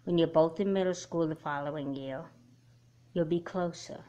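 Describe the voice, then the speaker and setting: A patient, soothing mother, her voice lower and softer as she calms her daughter with gentle reassurances. A woman voices her in a homemade doll movie. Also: normal speed, dull audio, lightly acted. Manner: gentle, calming, calls her child honey.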